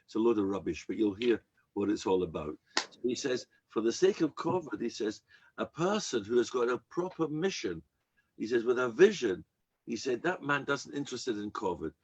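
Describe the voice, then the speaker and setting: A rabbi giving a sermon, telling a story and acting out the people in it. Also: male voice, mid-range voice, normal speed, slightly rough. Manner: animated storyteller acting out quoted characters. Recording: dull lo-fi recording.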